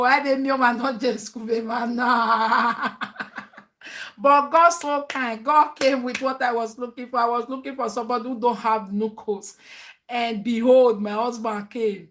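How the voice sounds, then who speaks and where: A woman's voice: on the high side, a little slow. A woman with a Nigerian accent, a mother chatting animatedly in a family vlog, laughing often and mixing English with pidgin.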